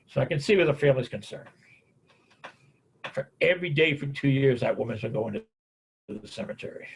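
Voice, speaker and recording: Folksy man with a gravelly, husky voice. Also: medium pitch, a little fast, long pauses. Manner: folksy storyteller, repeats "man, on it". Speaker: caregiving speaker. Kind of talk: webinar talk with anecdotes.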